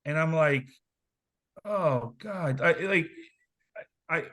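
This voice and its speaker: A man in his forties from southern Indiana, telling stories from his playing days in a casual, animated interview. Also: a little high, slow. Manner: animated storyteller, acts out quoted voices. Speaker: interview guest, former basketball player. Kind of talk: casual storytelling.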